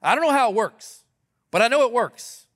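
High-voiced man preaching a sermon. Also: expressive, a bit bright. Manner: earnest preaching, quotes scripture, dramatic pauses. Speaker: pastor.

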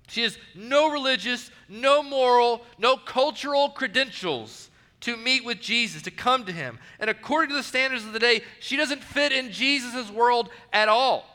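A man preaching a sermon as pastor, telling stories with emphatic pauses and building intensity. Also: high-pitched, big-room sound. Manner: animated storytelling, emphatic pauses.

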